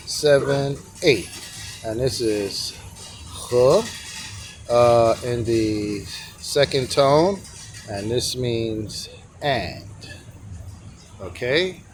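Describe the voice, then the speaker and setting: A man's voice: mid-range voice, slight background noise. A man running a sidewalk tea stand, casually teaching characters in a rambling vlog and counting strokes aloud. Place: outdoor sidewalk stand by a street.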